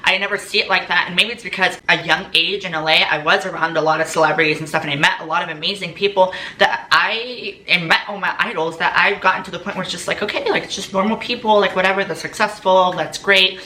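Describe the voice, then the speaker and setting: Chatty young woman, bright echoey room. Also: fairly low pitch, fairly even intonation, fast talker, few pauses. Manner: chatty, filler-heavy, acts out quoted lines. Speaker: vlogger. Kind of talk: casual storytime monologue. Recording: echoey room, faint background noise.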